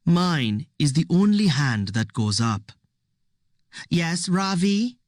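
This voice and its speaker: A woman narrating a first-person children's novel in a measured, unhurried storytelling manner. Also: a bass voice, big pitch swings, darkish tone, no room sound, studio quality. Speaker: audiobook narrator.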